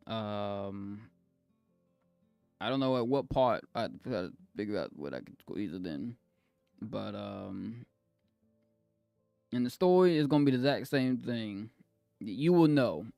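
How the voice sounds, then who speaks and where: A man streaming live in casual chat, swinging between soft apologies and loud excited exclaims, laughing and cutting himself off often. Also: mid-range voice, creaky, no room sound. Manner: self-interrupting, laughs often.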